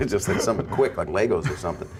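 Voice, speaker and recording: A man's voice: sits low, brisk, background noise. A middle-aged man hosting a casual chat, telling stories and acting out the people he quotes. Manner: animated anecdote telling, acts out quoted voices.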